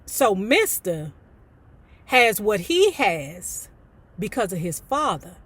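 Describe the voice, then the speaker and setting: A woman's voice: medium pitch, slow, slightly rough, dry recording. A woman reading a novel aloud for a book club, breaking into chatty, sassy commentary between passages. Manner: animated, switches between reading and sassy asides.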